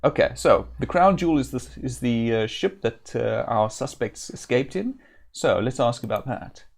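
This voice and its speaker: A man with a gravelly, creaky voice talks through a live-streamed playthrough of an old role-playing game. He muses aloud, hesitates with fillers and reads game text at a mid pitch. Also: expressive, moderate pace. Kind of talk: live-stream gameplay commentary.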